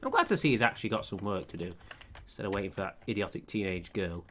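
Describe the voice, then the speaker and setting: A man's voice: on the low side, big pitch swings, fast, a bit bright, a little hiss or hum. Sarcastic man cursing at game characters. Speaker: let's play commentator. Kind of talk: commentating over a life-sim game.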